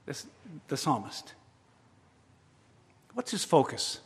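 Male preacher, slightly high voice, dramatic delivery, long hall echo. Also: animated, measured pace, fairly bright tone. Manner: dramatic, voices the worried psalmist in first person. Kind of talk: sermon.

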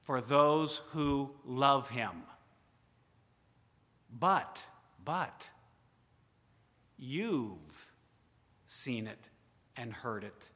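Male pastor, sermon, bright and slightly high voice, rhetorical questioning, loud-soft swings, long church reverb. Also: animated, drawn-out words, pauses often. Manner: rhetorical questions, swings between loud emphasis and quiet asides.

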